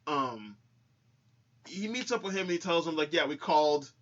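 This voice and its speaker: A man's voice: fairly high pitch, big pitch swings, a little fast, bright, forceful tone. A man co-hosting a podcast, recapping a film in casual chat, stumbling and restarting his words often. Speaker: podcast co-host. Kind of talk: casual movie-review chat. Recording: dull lo-fi podcast audio.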